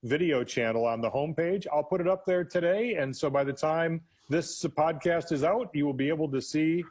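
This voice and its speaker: Husky male podcast co-host. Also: on the high side, normal speed, darkish tone. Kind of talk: casual interview chat.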